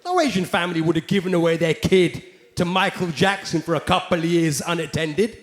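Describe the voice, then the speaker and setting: A man doing loud, brash stand-up comedy with lots of swearing and quick switches into character voices. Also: on the high side, expressive. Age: 40s. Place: large theatre with a live audience. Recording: echoey live venue recording.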